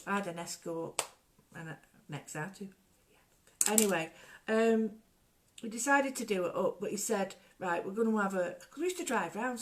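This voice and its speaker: Chatty middle-aged woman. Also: medium pitch. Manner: chatty, digressive, jokey storyteller. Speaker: art workshop host. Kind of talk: casual craft tutorial with chatty stories.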